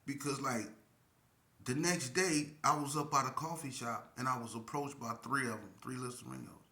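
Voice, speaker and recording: A man's voice: medium pitch, moderate pace, vocal fry, sharp tone, echoey room. A man telling a prison story in casual street slang, full of fillers and acted-out quotes. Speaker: storyteller recounting prison life.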